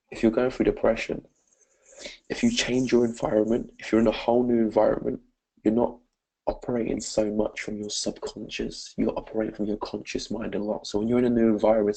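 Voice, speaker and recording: A man's voice: fairly low pitch, vocal fry, dark tone, poor audio. A man with a British accent, a motivational speaker telling an earnest personal story and often calling his listeners "guys". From Britain. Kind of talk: personal story told to camera.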